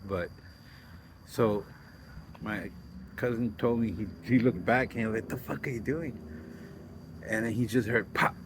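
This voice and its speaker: A man's voice: on the low side, moderate pace, pauses often, noisy background. A middle-aged man talking in a blunt, profane, rambling way, telling stories casually on his own show. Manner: blunt and profane, trailing off and restarting. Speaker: host of a self interview.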